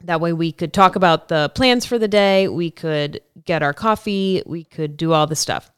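A young woman co-hosting a podcast, telling a story in a relaxed, casual way and acting out the lines she quotes. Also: lowish voice, moderate pace, clear, resonant tone, no room sound, clean studio sound. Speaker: podcast co-host.

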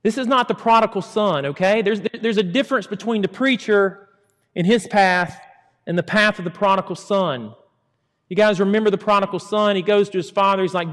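A middle-aged man preaches with a somewhat high voice, acting out the words he quotes. He swings between loud emphasis and hushed, drawn-out asides. His voice rings with a long reverb in a large hall. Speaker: pastor. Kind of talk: sermon.

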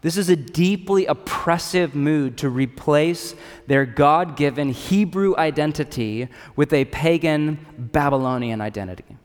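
A pastor preaching a sermon in an animated, casual, joking way. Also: male voice, a little high, big-room sound. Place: church in a city.

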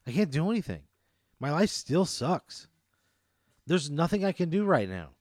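A man's voice: fairly high pitch, very animated, moderate pace, darkish tone, no echo, clean studio sound. Exasperated, swearing man. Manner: exasperated, profane outbursts. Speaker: podcast co-host answering a hypothetical. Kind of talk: comedic banter.

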